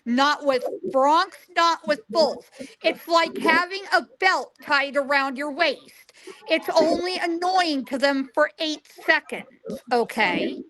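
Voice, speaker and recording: A woman's voice: high-pitched, takes it slowly, no room sound, rough recording. A woman in her forties telling stories emphatically as an interview guest, acting out animals' lines. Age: 40s. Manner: emphatic, lively, acts out animals' lines in quotes. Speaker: guest psychic. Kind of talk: animated storytelling in a remote interview. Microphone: remote call line.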